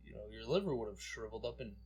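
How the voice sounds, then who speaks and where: A man's voice: on the low side, lively intonation, very fast, darkish tone. A young man co-hosting a podcast, joking and bantering in casual chat. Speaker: podcast co-host.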